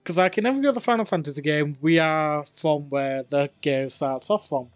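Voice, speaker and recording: A man giving casual, offhand commentary while he plays, swearing now and then. His voice sits slightly high and dry, with faint game music behind. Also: normal speed, smooth, no echo. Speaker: gaming streamer.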